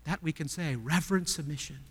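A male pastor preaching a sermon, asking the congregation rhetorical questions and swinging from hushed tones to loud cries. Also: a little high, a little fast, breathy edge, long reverb tail.

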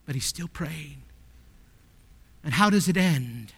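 High-voiced preacher in a reverberant hall. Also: male voice, a little slow, breathy edge. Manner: asks the congregation rhetorical questions, swings from hushed to loud. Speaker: pastor. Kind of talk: sermon.

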